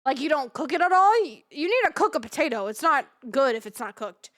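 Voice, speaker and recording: Very high-voiced excitable young woman. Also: fairly quick. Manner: rambling, excitable, swears freely, repeats herself. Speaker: streamer. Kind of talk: casual live-stream chat.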